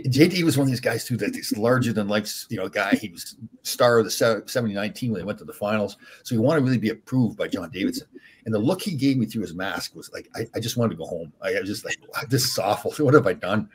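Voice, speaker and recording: An older man, a former hockey player, telling animated stories as a podcast guest with many restarts. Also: lowish voice, fast talker, breathy edge. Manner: animated, rambling anecdotes with frequent restarts. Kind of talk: casual storytelling.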